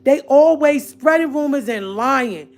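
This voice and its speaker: In a casual, confrontational rant aimed straight at her online viewers, a woman speaks in a high, expressive voice without hurrying. She's emphatic and keeps circling back to the same points, commentator-style.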